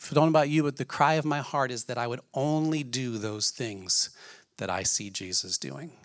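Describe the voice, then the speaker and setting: A man's voice: mid-range voice, a bit bright, dry recording, clean studio sound. A man preaching a sermon in an earnest way, asking his listeners many questions. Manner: earnest, asks the audience questions.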